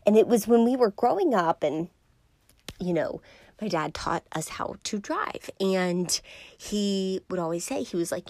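A young woman from Georgia works through a reflective personal monologue, her mid-range voice earnest, lively in intonation, and a little slow. She often drops into a soft whisper to stress a point, and the sound is close and dry with no room echo.

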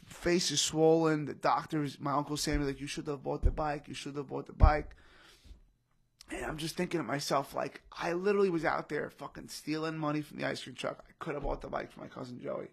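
Young new guy on a podcast, kinda high voice, lots of "bro" and "literally". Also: fairly even intonation, brisk, vocal fry, breathy edge. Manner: repeats himself, says "bro" and "literally" often. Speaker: podcast guest, comedian. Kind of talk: emotional storytelling in casual chat.

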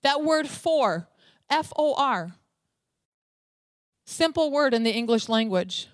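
A woman's voice: high voice, animated, slow pace, dry recording. Emphatic woman preaching a sermon. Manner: emphatic, repeats and spells out single words.

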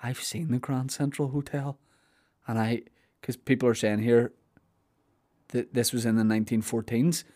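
A man's voice: medium pitch, little pitch movement, normal speed, long pauses, warm tone. A man with a Belfast accent chatting casually on a podcast, rambling and joking and acting out silly voices. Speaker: podcast host. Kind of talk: casual comedic chat.

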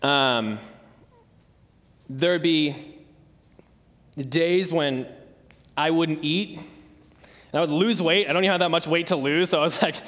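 Young guy preaching casually, kinda high voice, echoey church hall. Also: slow pace, long pauses, a bit bright. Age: 20s. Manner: earnest, conversational storytelling. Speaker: pastor. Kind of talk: sermon.

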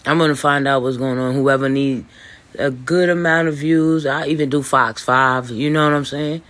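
A man hosting a podcast, talking in a loose, boastful monologue full of fillers, restarts and swearing, with hiccups and throat clearing. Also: medium pitch, steady tone, moderate pace, fairly bright tone. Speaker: podcast host. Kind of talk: rambling casual monologue. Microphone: voice message recording.

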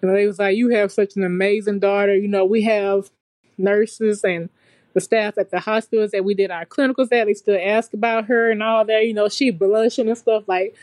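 A woman's voice: mid-range voice, moderate pace, dry recording. Chatty young woman, dry close sound. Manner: relaxed, chatty and colloquial, with frequent fillers. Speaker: podcast guest, nursing graduate. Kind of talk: casual storytelling chat.

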